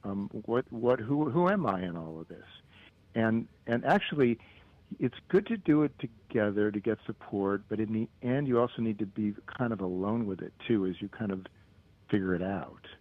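A man with a fairly low voice talks as a guest, slow to settle on his phrasing and restarting often. The sound is dull and lo-fi, like a remote call. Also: expressive, no echo. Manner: thoughtful, searching, many restarts. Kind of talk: casual conversation.

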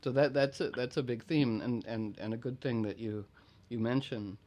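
A man's voice: medium pitch, steady tone, normal speed, mellow. Reflective man hosting a conversation. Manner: discursive, reflective, often clears throat. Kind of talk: casual conversation.

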